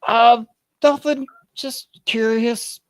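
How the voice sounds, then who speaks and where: A woman's voice: fairly high pitch, fairly even intonation, extremely slow, no echo. A woman playing in a tabletop game, speaking in a hesitant, coy way. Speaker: player. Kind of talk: casual play talk in a tabletop game.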